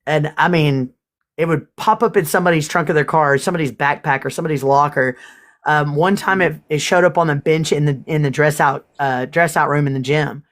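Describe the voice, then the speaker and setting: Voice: medium pitch, brisk, fairly bright tone. A livestream host chatting casually with viewers, swearing freely and getting emotional.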